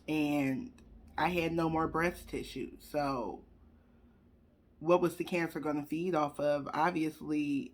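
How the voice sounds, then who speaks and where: A woman speaking candidly to her viewers in a casual personal story, animated and swinging between soft and loud. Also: low-pitched. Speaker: vlogger sharing her cancer journey.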